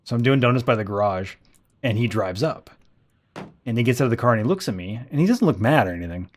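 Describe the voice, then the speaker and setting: A man's voice: mid-range voice, animated, fast talker. A man streaming a game live, telling rambling stories with lots of swearing and frequent laughter. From United States. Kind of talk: casual live-stream storytelling.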